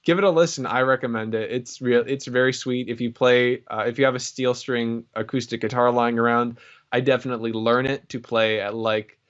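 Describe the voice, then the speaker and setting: A man's voice: mid-range voice, steady tone, a little fast, clear, resonant tone, dull audio. A man co-hosting a podcast in casual chat, rambling and joking with plenty of fillers. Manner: rambling, jokey, lots of fillers. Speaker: podcast co-host.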